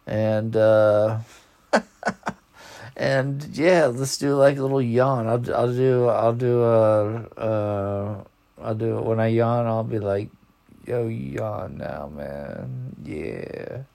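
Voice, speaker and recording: A man's voice: medium pitch, fairly even intonation, slow, dark tone, clear, resonant tone. A man hosting a podcast in casual chat, rambling in laid-back slang and yawning as if sleepy. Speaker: podcast host.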